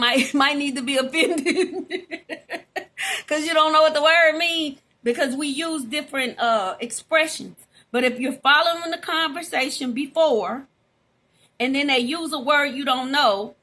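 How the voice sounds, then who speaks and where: A middle-aged Southern woman with a high, bright voice talks straight to her followers. She is folksy and chatty, calls them y'all and laughs easily, with a voice that rings and sits up high. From Louisiana, USA. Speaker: vlogger. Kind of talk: casual direct-to-camera talk.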